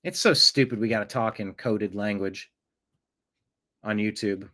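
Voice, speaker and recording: A man's voice: fairly low pitch, a little slow, sharp tone. A man hosting a political livestream, reacting to clips with a combative, sarcastic manner. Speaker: political commentary host.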